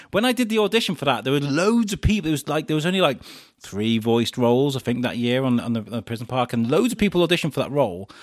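Man telling animated stories on a podcast. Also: mid-range voice, dry recording, clean studio sound. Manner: animated, laughing storyteller with frequent restarts. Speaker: podcast host being interviewed. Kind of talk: casual storytelling chat.

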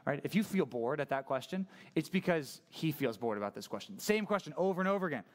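A man preaching a sermon in a relaxed, chatty way. His voice sits a little above the usual male pitch, and he keeps the delivery lively and informal. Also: fast. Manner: casual, conversational, animated. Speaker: pastor.

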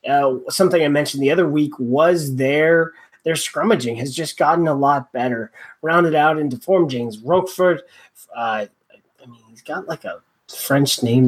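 Male podcast co-host with a slightly raised voice, rambly and wry, full of fillers. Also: a little high. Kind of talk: casual podcast chat.

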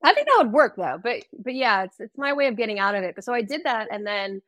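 Animated woman telling gig stories. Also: on the high side, fast talker, no echo, studio quality. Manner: animated storyteller, many "like" fillers. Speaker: guest musician. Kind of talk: casual interview chat.

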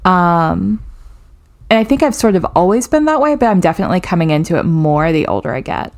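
A woman in casual conversation who talks in a thoughtful, measured way and readily agrees with her co-host. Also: on the low side, very animated. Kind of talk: casual chat.

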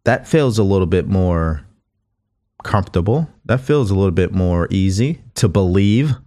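Earnest low-voiced male motivational coach. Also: expressive, moderate pace, mellow. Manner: earnest, conversational, repeats and restarts phrases. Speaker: podcast host and coach. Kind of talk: motivational monologue.

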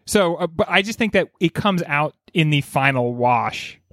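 A man on a movie podcast panel, talking in a measured, reflective way with a joking streak. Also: fairly high pitch, lively intonation, fairly bright tone, no echo, clean studio sound. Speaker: podcast co-host, regular panelist. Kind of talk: casual movie podcast chat.

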